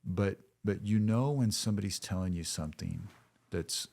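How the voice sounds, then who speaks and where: Deep, husky middle-aged man, thoughtful. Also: dark tone. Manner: thoughtful, measured, with frequent restarts. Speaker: guest, former counselor. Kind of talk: casual conversation.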